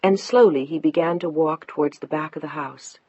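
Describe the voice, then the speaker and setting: A woman narrating a novel in a steady, scripted way that turns hushed in tense moments. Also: deep voice, normal speed, husky, no echo, lo-fi sound. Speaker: audiobook narrator.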